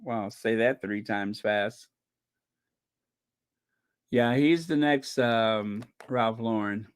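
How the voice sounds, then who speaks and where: A man's voice: on the low side, extremely slow, smooth. A man hosting a casual commentary stream, chatting loosely with many fillers and restarts. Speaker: channel host. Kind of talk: casual commentary to a live chat.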